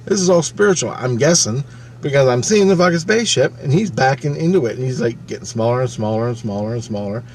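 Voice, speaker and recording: A man's voice: mid-range voice, animated, slight background noise. A man in his fifties telling a personal story to camera. He speaks casually and emphatically, swears often, and repeats phrases as he goes. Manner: profane, emphatic, halting retelling with repeated phrases. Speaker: channel host.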